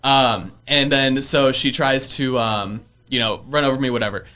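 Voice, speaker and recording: Young man in his twenties, podcast guest, bright forceful voice, chatty storyteller who laughs a lot. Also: medium pitch, steady tone, normal speed, clean tone. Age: early 20s. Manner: chatty, laughs often, many fillers. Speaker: real estate investor guest. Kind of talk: casual storytelling interview. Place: podcast studio.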